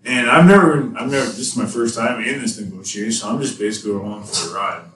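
A man telling a rambling story to friends in casual podcast chat, swearing freely and getting loud at the punchlines. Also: medium pitch, quick pace, far from the mic, slight background noise. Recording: echoey room, off-mic, faint ambience.

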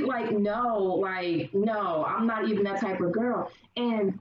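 A woman guest in casual conversation, telling her stories lively and acting out the people she quotes. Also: medium pitch, measured pace, hardly any pauses. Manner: animated storyteller acting out quoted voices. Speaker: podcast guest. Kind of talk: casual chat. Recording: roomy, distant, dull sound with faint hiss.

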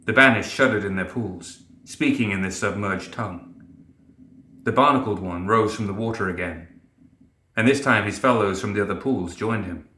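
A man narrating a dark fantasy story in a steady, dramatic way. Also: on the low side, normal speed, roomy sound. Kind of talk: scripted narration.

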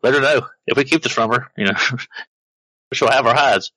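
A man playing a tabletop role-playing game, chatting in character in a jokey, excitable way. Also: medium pitch, moderate pace, no room sound, rough recording. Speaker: tabletop player. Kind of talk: casual game talk, in character.

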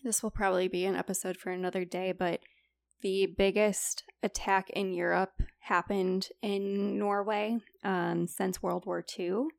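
A young woman co-hosting a podcast presents a report as casual chat in a mid-range, level, creaky voice, a little slow, with clean studio sound and no room sound. She retells stories with quoted dialogue and plenty of "like."

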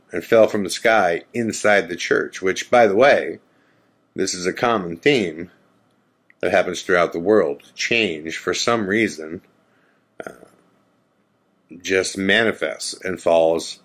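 A man's voice: deep voice, a bit bright. A man casually recounting a ghost-hunting trip, rambling with frequent fillers and skeptical asides. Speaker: storyteller recounting a ghost hunt. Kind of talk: casual spoken storytelling.

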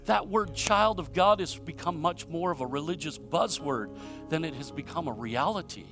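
Man, pastor from Michigan, sermon, emphatic storytelling, rhetorical questions, loud-to-hushed swings, slightly high voice. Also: animated, normal speed, soft background music. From Michigan, USA.

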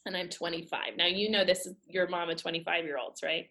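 A woman in her thirties from the United States, telling a personal faith story in a lively, emphatic way with frequent laughter. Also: lowish voice, fairly quick. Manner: animated, laughing often, emphatic. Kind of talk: casual storytelling.

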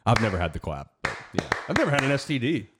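A man's voice: mid-range voice, big pitch swings, fast, heavy background noise. A young man co-hosting a podcast, laid-back with crude humor in casual chat. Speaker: co-host.

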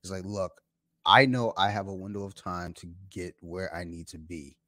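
A man's voice: low-pitched, normal speed, bright, forceful tone, no room sound. A man hosting a podcast, telling stories in a rambling, laid-back way with lots of fillers. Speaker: podcast host. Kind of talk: casual chat. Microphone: home podcast mic.

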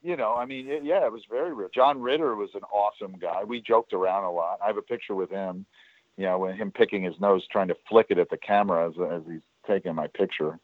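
A man's voice: on the low side, fast, dry recording. A man telling stories as an interview guest about his years working at a studio, rambling with many fillers and restarts. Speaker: guest, former studio worker. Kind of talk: casual storytelling interview. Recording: tinny phone-like line.

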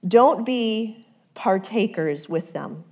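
A woman's voice: medium pitch, animated, slow, a little mellow. A woman preaching a conversational sermon, often repeating words as she builds toward a point.

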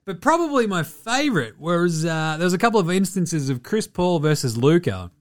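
Sweary, animated male podcast host. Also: high voice, normal speed. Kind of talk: casual sports talk.

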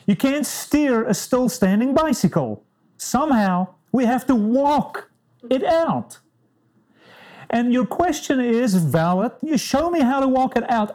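A woman's voice: on the high side, a little mellow. A woman preaching a sermon in an emphatic way, stressing short clipped words. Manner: emphatic, clipped one-word commands.

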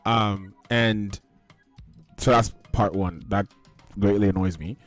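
A man hosts a casual rant podcast, his voice sitting on the low side. He tells stories with laughter and bursts into acted-out quotes, and the sound is dry, with faint music underneath. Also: slow pace, no echo. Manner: animated storytelling, laughing, acting out quotes. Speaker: podcast host. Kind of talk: casual ranting chat.

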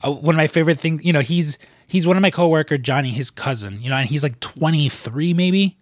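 A man's voice: fairly high pitch, fairly quick, dry recording, studio quality. A man co-hosting a podcast, telling stories in a loose, profane way with lots of fillers. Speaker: podcast co-host. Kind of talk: casual chat.

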